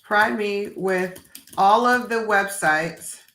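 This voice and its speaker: A woman's voice: medium pitch, takes it slowly, a bit bright. A woman presenting a webinar, talking directly and with energy, often checking in with "right?". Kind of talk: live webinar demo. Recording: echoey room.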